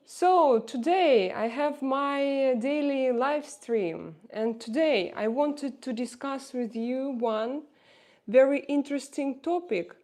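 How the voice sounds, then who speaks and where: A woman's voice: sits high, slow pace, a little mellow. A woman in her forties with a Russian accent, talking casually to her livestream viewers, hesitating often with fillers and restarts. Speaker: livestream host.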